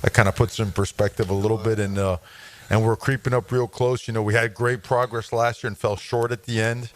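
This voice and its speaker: A man being interviewed on the radio as a football coach, talking in an energetic, emphatic way. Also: lowish voice, fairly quick. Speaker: guest coach.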